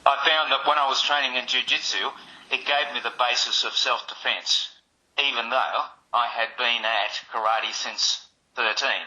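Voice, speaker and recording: A martial arts instructor, a man, calmly explaining points as a podcast guest, with measured pacing and dry humour. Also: medium pitch, rough recording.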